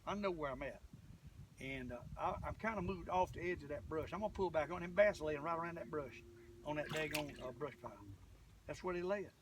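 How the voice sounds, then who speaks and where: A man giving folksy, excitable running commentary to the camera while fishing from a boat on a lake. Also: fairly high pitch, a little fast, recorded from a distance, background noise. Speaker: fishing vlogger.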